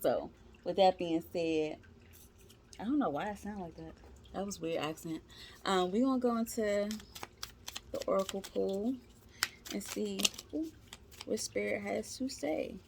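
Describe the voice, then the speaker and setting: A woman's voice: medium pitch, expressive, unhurried, vocal fry, pauses often, noisy background. A woman giving a casual tarot reading, talking to her viewers in a chatty, slangy, encouraging way. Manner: slangy, informal speech. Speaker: tarot reader.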